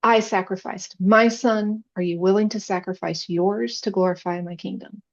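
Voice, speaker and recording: Calm fatherly God, as a woman quotes him. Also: mid-range voice, normal speed, lo-fi sound, lightly acted. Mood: solemn.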